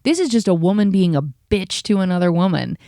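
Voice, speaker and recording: A woman with a lowish voice pours out a heated, profane rant as a podcast host, talking fast. She sounds tired after a long day. The recording is dry and close, with no room sound. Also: animated, warm tone, no room sound. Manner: heated, profane, rapid-fire venting.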